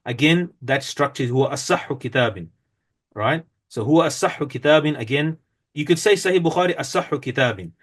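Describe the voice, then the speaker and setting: A man's voice: on the high side, expressive, a little fast, a bit bright. A man teaching an Arabic grammar lesson, reading from a textbook and explaining step by step with frequent fillers and self-corrections.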